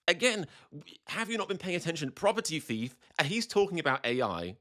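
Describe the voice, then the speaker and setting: A man's voice: fairly high pitch, very animated, fairly quick, pushed and bright. A British man hosting political commentary, sarcastic and mocking with frequent swearing.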